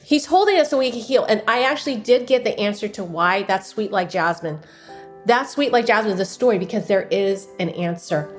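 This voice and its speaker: A woman's voice: mid-range voice, lively intonation, fairly quick, faint music behind. Earnest woman sharing a faith testimony. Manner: earnest, emotional storytelling. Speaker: podcast guest. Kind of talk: personal testimony in a podcast interview.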